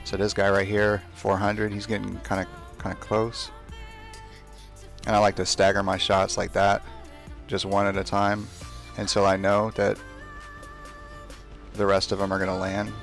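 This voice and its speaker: A man's voice: lowish voice, monotone, moderate pace, creaky, long pauses, soft background music. A young man chatting casually as he streams a game, talking to himself and trash-talking opponents. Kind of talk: casual live gameplay commentary.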